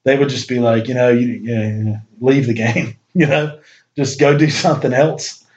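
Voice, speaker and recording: A man's voice: medium pitch, fairly even intonation, moderate pace, a little mellow. A man in casual podcast chat who rambles, laughs often and says "dude" a lot. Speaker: podcast guest author. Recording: dull lo-fi sound.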